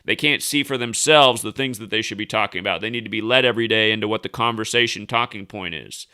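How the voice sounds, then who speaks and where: Here a man in his thirties speaks quickly in a lowish voice, pushed and bright, with a clear, resonant tone. As a conspiracy news commentator, he offers casual, rambling, indignant commentary, emphatic and riddled with restarts.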